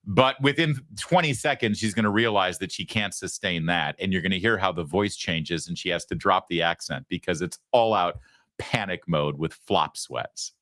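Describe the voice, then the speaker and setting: A man's voice: low voice, normal speed, fairly bright tone, no echo, studio quality. A male talk show host from Michigan, giving sarcastic, mocking political commentary over clips.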